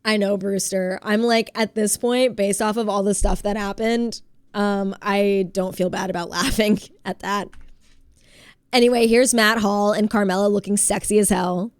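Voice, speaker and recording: A woman with a stuffy head cold streams from home, chatting casually with her chat, giggling often and reading viewers' messages aloud. Her middling-pitched voice is steady and clean at normal speed, on a dry, close mic with no echo.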